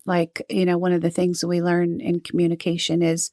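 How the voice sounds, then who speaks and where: Older lady nurse telling work stories, lowish flat voice, dead dry sound. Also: moderate pace, no echo. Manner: earnest, storytelling, mimics moms she quotes. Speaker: guest, retired NICU nurse and lactation counselor. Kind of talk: conversational podcast interview.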